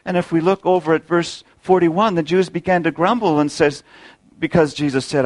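A man's voice: fairly high pitch, fairly even intonation, moderate pace, hardly any pauses, no echo, rough recording. A man preaching a sermon, earnest and explanatory, posing rhetorical questions and often repeating words as he goes.

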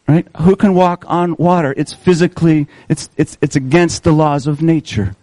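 A man delivering a sermon in a fairly high voice, often posing questions to the congregation and drawing out key words to stress them. The sound is close and dry, with almost no room echo. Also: fairly even intonation, mellow. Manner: asks the congregation questions, slows for emphasis. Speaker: preacher.

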